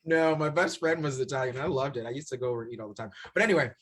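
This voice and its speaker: A man's voice: medium pitch, rapid-fire, fairly bright tone. A man from New York co-hosting a casual chat, giggly and playful. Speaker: co-host.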